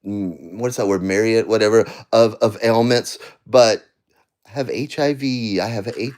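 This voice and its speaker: A man ranting on a livestream from home, addressing absent people, swinging between heated shouting and low, tired muttering. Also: normal speed. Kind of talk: angry livestream rant. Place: at home, seated.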